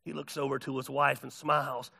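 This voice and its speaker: A man preaching a sermon, telling stories with big swings between hushed and shouted delivery. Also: mid-range voice, little pitch movement, a little fast, gravelly, slightly rough. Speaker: pastor.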